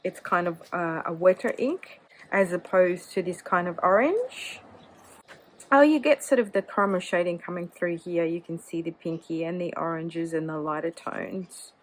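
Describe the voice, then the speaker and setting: Chatty woman, slightly low voice. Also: normal speed, rough recording. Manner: chatty, hedging with many "kind of"s. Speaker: fountain pen vlogger. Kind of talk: cozy casual chat.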